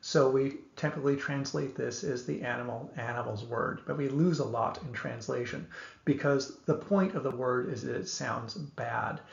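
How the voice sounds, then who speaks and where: A man giving an explanatory lecture, speaking in a measured way and thinking aloud with small restarts. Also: mid-range voice, vocal fry. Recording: echoey room, dull lo-fi sound.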